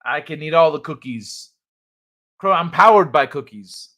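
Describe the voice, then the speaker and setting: Unhurried and a little high-pitched, a man runs a casual late-night livestream, bantering with the chat. His storytelling is full of laughter, swearing, and animated impressions of the people he quotes.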